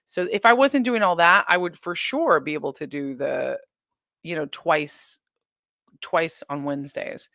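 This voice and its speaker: A woman's voice: low-pitched, unhurried, fairly bright tone, no echo, clean studio sound. Chatty woman hosting a home livestream. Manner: chatty, talks straight to viewers, reads comments aloud. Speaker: livestream host. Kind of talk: casual livestream chat. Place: her home.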